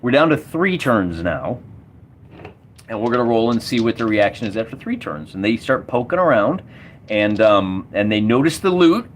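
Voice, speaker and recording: Lively man talking through a solo game. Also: mid-range voice, normal speed, slight background noise. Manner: enthusiastic, rambling with restarts. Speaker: solo wargamer running a game. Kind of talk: casual game commentary.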